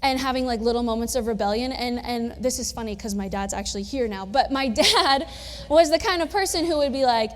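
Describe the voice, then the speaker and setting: A woman's voice: on the high side, brisk. A young woman preaching a sermon in a casual, conversational storytelling manner with touches of humor, recorded in a church. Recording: long church reverb.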